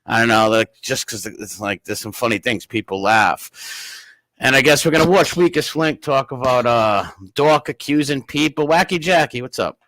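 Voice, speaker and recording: A man's voice: medium pitch, lively intonation, normal speed, fairly bright tone, dry recording. A man hosting a casual livestream, rambling and greeting chat viewers by name. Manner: rambling, reads chat names aloud. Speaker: livestream host.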